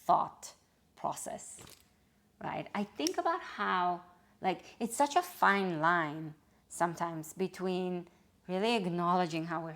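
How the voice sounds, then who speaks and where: A woman hosting a reflective self-help video, talking gently and openly about her feelings, often pausing and restarting to search for words. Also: fairly low pitch. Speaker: wellness video host.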